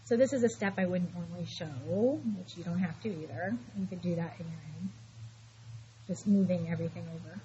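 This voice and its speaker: A woman's voice: fairly low pitch, fairly quick, mellow. A middle-aged woman teaching math in a classroom, patient and reassuring, stopping to talk students through every step. The recording is a little dull, with a faint hiss underneath. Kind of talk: classroom lecture.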